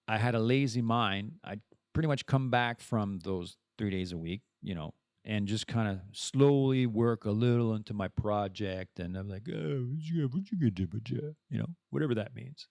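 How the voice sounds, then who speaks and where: A man's voice: fairly low pitch, moderate pace, dry recording, studio quality. A man hosting his own podcast, talking casually in a rambling, self-interrupting way with playful asides. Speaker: podcast host. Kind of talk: casual solo podcast monologue.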